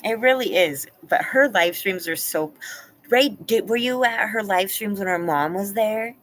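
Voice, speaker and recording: A woman's voice: mid-range voice, measured pace, slight background noise, poor audio. A woman hosting a live stream from home, chatting casually and answering her viewers by name. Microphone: laptop.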